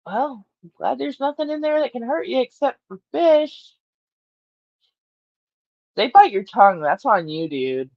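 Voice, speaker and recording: A woman's voice: a little high, big pitch swings, unhurried, pauses often, no echo. Chatty woman on a muffled livestream. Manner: rambling, chatty, laughs often, talks to her cat. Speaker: livestream host. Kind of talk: casual morning livestream chat. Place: at home, in her bedroom.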